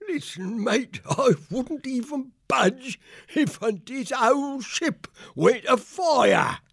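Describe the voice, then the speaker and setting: A lazy, cowardly ferret deckhand whines in a shrill, gravelly squeak. He drags his words out slowly, and the recording is dry and close. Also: animated, a bit bright, no echo, full character voice. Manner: whiny, common-speaking. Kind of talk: audiobook character voice.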